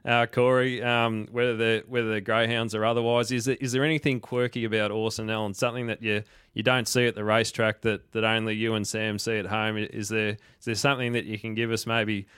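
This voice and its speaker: Bright, teasing co-host. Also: male voice, fairly low pitch, flat delivery, fairly quick, hardly any pauses, clear, resonant tone, dry recording, clean studio sound. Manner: teasing, stammers on restarts. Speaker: podcast co-host. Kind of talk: casual podcast chat.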